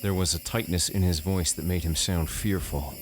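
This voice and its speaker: A man narrating a first-person horror story in a measured, deadpan way. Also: deep voice.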